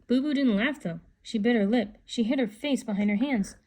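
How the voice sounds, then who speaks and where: A woman reading a children's book aloud in a calm, unhurried voice. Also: a little high. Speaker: storybook reader.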